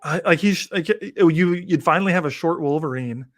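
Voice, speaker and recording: A man co-hosting a casual podcast, talking eagerly in quick bursts with frequent restarts. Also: fairly high pitch, fairly bright tone, no echo, clean studio sound. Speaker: podcast co-host.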